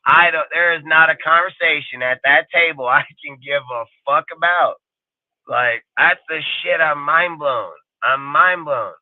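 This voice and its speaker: A man's voice: a little high, unhurried, no echo. A man hosting a live show, ranting angrily and swearing constantly, mocking other people's voices. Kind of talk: profane ranting live stream. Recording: tinny phone-like dry sound.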